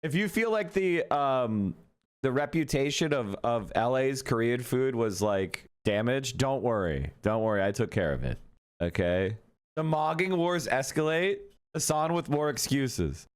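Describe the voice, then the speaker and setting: Animated man rambling on a livestream. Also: mid-range voice, a little slow, clear, resonant tone. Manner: animated, joking, rambling with swearing. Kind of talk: casual live-stream chat.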